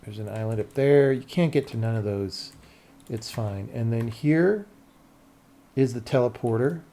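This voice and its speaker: Slow, mumbling man thinking aloud. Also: medium pitch, mellow. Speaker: game developer streamer. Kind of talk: casual livestream commentary while working.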